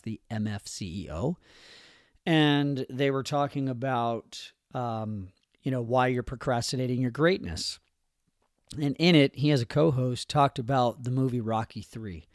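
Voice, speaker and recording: A middle-aged man talks through a motivational podcast episode in an earnest, conversational voice that rambles and circles back with fillers. His pitch sits in an ordinary middle range. The sound is dry and close, with almost no room around it. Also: no room sound. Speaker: podcast host.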